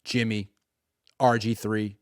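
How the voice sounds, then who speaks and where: A man's voice: on the low side, level tone, slow, dry recording, studio quality. A man giving a sarcastic sports commentary monologue and acting out imagined dialogue.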